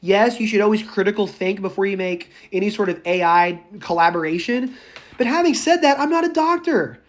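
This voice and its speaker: A man teaching a public speaking class, lecturing live in a chatty, animated way, talking to students by name and going off on tangents. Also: high-pitched, fairly quick. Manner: goes off on tangents.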